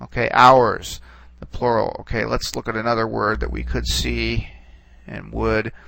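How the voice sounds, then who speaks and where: A man teaching a recorded lesson, relaxed and reassuring, who stops and restarts often and checks in with "okay.". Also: lowish voice, gravelly, dry recording, rough recording. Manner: halting, full of restarts and "okay"s. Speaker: Greek teacher. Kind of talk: recorded classroom lecture.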